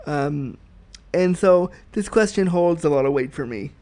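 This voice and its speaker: A man's voice: on the high side, animated, a little slow, mellow. A man hosting a solo podcast, talking frankly and reflectively as he explains his thoughts at length. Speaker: podcast host.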